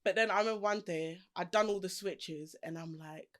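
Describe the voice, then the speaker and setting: A woman's voice: lowish voice, a little fast. A young woman, a podcast guest telling her story in a chatty, casual way, laughing often and acting out the voices of people she quotes. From Britain. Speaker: podcast guest, fashion designer.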